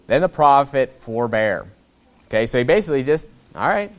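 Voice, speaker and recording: A man preaching in a relaxed, conversational way, reading old scripture and then restating it in everyday words. He climbs to loud high bursts for emphasis, then drops to low, quiet asides. His voice sits at an ordinary middle pitch. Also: moderate pace. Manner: conversational, acts out the kings' lines in a plain voice. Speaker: pastor. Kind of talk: expository sermon.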